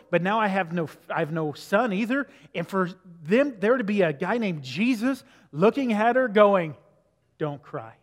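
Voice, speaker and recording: Pastor, male, high voice, casual preaching style, long hall reverb. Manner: conversational preaching, asks the listeners questions. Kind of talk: sermon. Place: church sanctuary.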